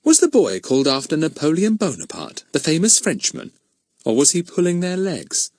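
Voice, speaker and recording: A man narrating a children's audiobook with expressive storytelling. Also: fairly high pitch, moderate pace, no room sound. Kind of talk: scripted narration.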